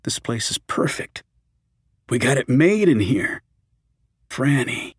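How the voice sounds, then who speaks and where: A man doing a shaken young man, soothing softly. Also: mid-range voice, sing-song, takes it slowly, slightly rough, dry recording, heavily acted. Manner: soft, anxious, soothing. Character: frightened young man comforting a woman.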